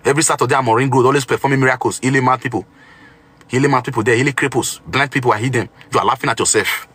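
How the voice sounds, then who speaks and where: A man's voice: medium pitch, fairly even intonation, rapid-fire, a bit bright, slightly rough. A man with a Nigerian accent preaching on a livestream, boastful and indignant as he scolds his viewers. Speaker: self-styled pastor on a livestream.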